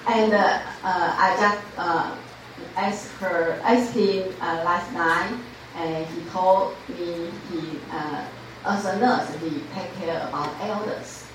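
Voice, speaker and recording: Slow, hesitant woman in an echoey room. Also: lowish voice, steady tone, background noise. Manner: hesitant, many fillers and restarts. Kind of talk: casual conversation. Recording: echoey room, far from the mic.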